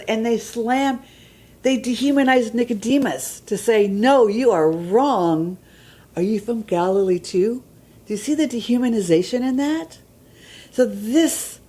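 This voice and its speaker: A woman's voice: mid-range voice, warm tone, poor audio. A woman giving a conversational church teaching, reading scripture aloud and checking in with her listeners. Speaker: Bible teacher.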